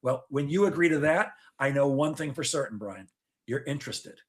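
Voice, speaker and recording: Joking, animated man telling sales stories. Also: mid-range voice, moderate pace. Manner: animated storyteller acting out sales calls; joking, facetious asides. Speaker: sales trainer guest. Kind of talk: conversational podcast interview.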